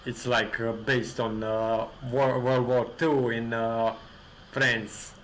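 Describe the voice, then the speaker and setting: Halting, flat-voiced man. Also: mid-range voice, a little hiss or hum, poor audio. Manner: halting, hesitant, explaining. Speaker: livestream participant. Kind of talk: casual livestream chat.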